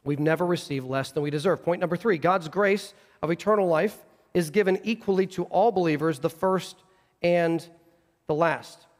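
A man's voice: fairly high pitch, normal speed, big-room sound. A man preaching a sermon in earnest, acting out quoted voices, with frequent restarts. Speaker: pastor. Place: church sanctuary.

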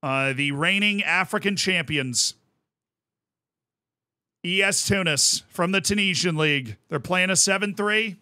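A man streaming a football management game, who swings from quiet musing to loud commentator-style shouts. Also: no echo. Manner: shouts goal calls like a sports commentator; drops low and quick when musing.

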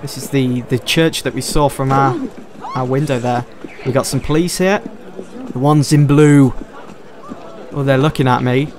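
A man's voice: medium pitch, steady tone, a little slow, noisy background. A man giving casual let's-play commentary, chatting and thinking aloud as he explores. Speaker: gameplay commentator.

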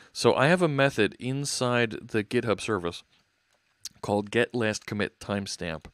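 A man's voice: lowish voice, vocal fry, no room sound. A man hosting a live coding stream, thinking aloud as he works and chatting with viewers. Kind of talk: casual live coding narration.

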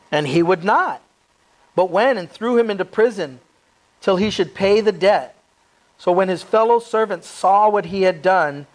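A man preaching in a church, reading scripture and breaking in with casual asides and rhetorical questions. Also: high voice. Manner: reads scripture then adds casual, joking asides. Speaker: pastor. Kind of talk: expository sermon.

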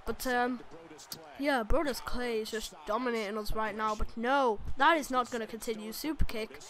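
A woman commentating on her own wrestling video game match, excitable, exclaiming and laughing often. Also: fairly high pitch, normal speed. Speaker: gaming commentator.

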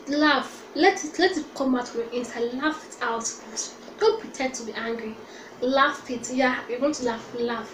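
A woman's voice: sits high, slight background noise. A young woman vlogger giving an earnest, repetitive motivational talk that coaxes the listener along. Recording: echoey room.

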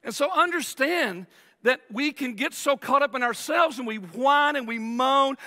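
A man preaching a sermon as pastor, emphatic and lively, sometimes acting out whiny complaints. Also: very high voice, measured pace. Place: large church sanctuary. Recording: long reverb of a church hall.

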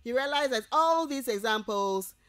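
Ghanaian English woman, lecturer, lively rising and falling pitch, repeats every point like dictation. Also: smooth, no room sound. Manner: repeats each point slowly, as if dictating to students; talks straight to the students and checks they follow. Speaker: university lecturer. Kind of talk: radio lecture.

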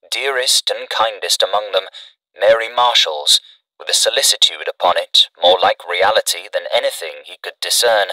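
Bright-voiced man narrating a classic story. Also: lowish voice, no echo, far from the mic, low-quality recording. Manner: measured, dramatic reading.

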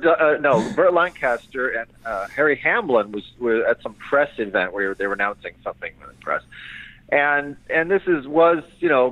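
Animated man telling stories over the phone. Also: mid-range voice, dry recording, phone-quality sound. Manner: animated, keeps slipping into impressions. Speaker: comedian guest. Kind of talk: casual phone interview.

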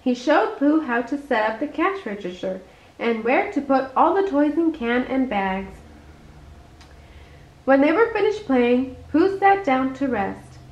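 A woman reading a bedtime story aloud in an expressive, unhurried way. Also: high-pitched. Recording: echoey muffled room.

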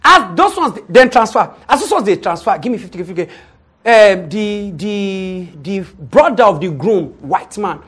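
A young Nigerian man, an event MC, tells a comic story in an animated way and acts out the people in it. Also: sits high, normal speed, breathy edge. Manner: animated, acts out quoted people, often laughs. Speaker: event MC and show host.

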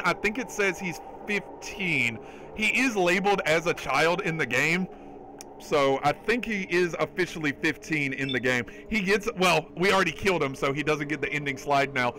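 A man's voice: a little high, normal speed, a little hiss or hum, poor audio. A man streaming a game live, chatting casually, swearing often and reading out and thanking viewers from chat. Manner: excitable, swears often, reads chat aloud and thanks donors. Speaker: livestreaming gamer. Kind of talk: casual live gameplay commentary. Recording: game music in the background.

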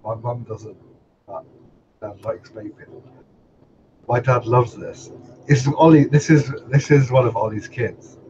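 A man's voice: medium pitch, steady tone, measured pace, long pauses, a little mellow, highs cut off, a little hiss or hum. A British man co-hosting a podcast, chatting casually and teasing his co-hosts. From United Kingdom. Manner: teasing, joking. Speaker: podcast co-host. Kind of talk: casual chat.

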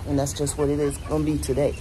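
A woman's voice: low voice, monotone, fast, noisy background. A middle-aged woman chatting casually to her vlog camera and venting candidly about her morning. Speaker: vlogger.

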